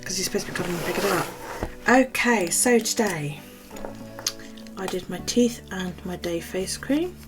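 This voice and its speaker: A woman's voice: fairly low pitch, animated, normal speed, over music. A middle-aged British woman vlogging, telling a gossipy story in casual, chatty talk and swearing freely. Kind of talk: casual chat to camera.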